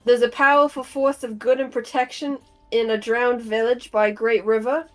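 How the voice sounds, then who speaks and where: A woman's voice: on the high side, little pitch movement, normal speed, faint music behind, poor audio. A woman playing a tabletop game, casually thinking aloud over her notes with many fillers. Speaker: player and note taker.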